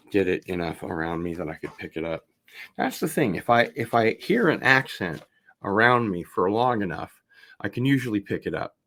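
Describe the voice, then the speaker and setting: Opening vinyl record packages on a casual livestream, a man chats in a rambling, drawn-out manner and frequently goes off on tangents. His voice is on the low side with a fairly bright tone.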